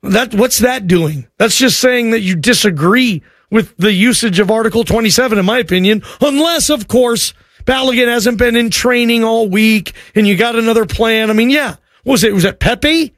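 A male sports radio host with a high voice who talks in an excitable, rambling way, full of restarts. His studio sound is dry and close, with no room in it. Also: moderate pace, no echo. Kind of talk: call-in radio talk show.

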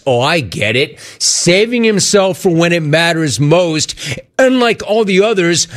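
A man hosting a sports talk show, riffing and joking with animated energy. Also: on the high side. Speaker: sports radio host.

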